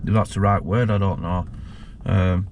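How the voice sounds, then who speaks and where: A man, a former prisoner, telling his story with halting emotion and many restarts. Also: deep voice, fairly even intonation, darkish tone, muffled recording, a little hiss or hum. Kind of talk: candid personal storytelling.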